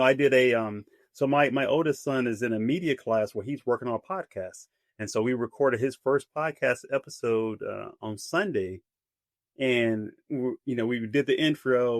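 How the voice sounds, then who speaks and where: A man's voice: medium pitch, moderate pace, no room sound, studio quality. A middle-aged man, an author and speaker, giving practical advice in a casual interview.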